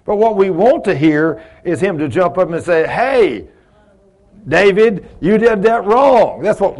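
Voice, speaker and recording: This Bible study teacher has a warm voice on the high side. He keeps things folksy and chatty, asking the group questions and playing out small exchanges between characters.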